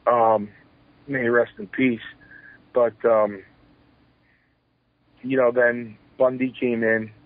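A man in his forties, a former pro wrestler, telling stories in an interview and acting out quoted dialogue with lively energy. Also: takes it slowly, long pauses, no echo. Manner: animated, acts out quoted dialogue in higher voice. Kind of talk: shoot interview storytelling. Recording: tinny phone-line sound.

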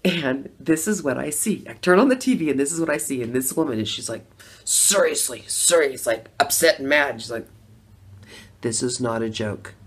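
A middle-aged woman telling her own story in a chatty testimonial vlog, laughing between lines and swinging from hushed to loud. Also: sits low, lively intonation, a little fast, husky.

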